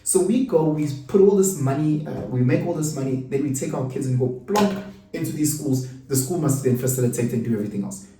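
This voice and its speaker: A middle-aged South African man giving an animated, rhetorical monologue. He asks questions and repeats himself for emphasis. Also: mid-range voice, a little fast, noisy background. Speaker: host. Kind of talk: casual monologue. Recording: roomy room, mic at a distance.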